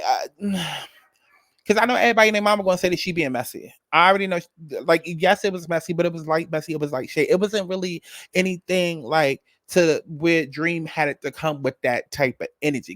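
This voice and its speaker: A man hosting a casual storytime, recapping a reality show in an animated, sassy, profane way. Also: on the high side, fairly quick, no echo, studio quality. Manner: animated, sassy, profane gossip with quoted asides. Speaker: storytime host.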